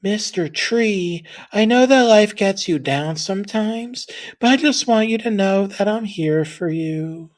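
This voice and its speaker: A man voicing a little girl in a soft, mock-sweet way that hides a sinister streak. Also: sits high, lively intonation, measured pace.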